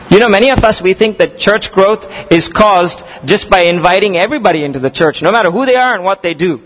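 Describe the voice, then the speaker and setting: High-pitched guy preaching in a big echoey hall, earnest and emphatic, faint room noise. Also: a bit bright. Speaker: pastor. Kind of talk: sermon. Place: church or seminar hall.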